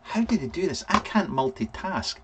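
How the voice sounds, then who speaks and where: A man's voice: a little high, very animated, normal speed, slight background noise. A Scottish man hosting a casual live vlog, rambling through viewer names with lots of ums. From Scotland. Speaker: vape reviewer and live vlog host. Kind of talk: casual live-stream chat.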